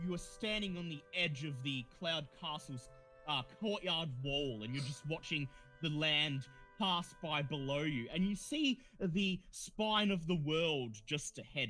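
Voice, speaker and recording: A man's voice: on the high side, fairly bright tone. A man narrating a tabletop game as game master, with descriptive storytelling and some hesitation.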